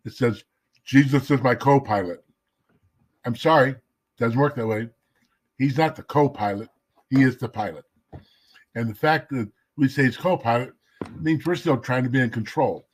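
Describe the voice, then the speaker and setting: Husky-voiced man teaching a casual devotional. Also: medium pitch. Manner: emphatic, slows down to stress key words; drops to a whisper for emphasis. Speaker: messianic Jewish teacher.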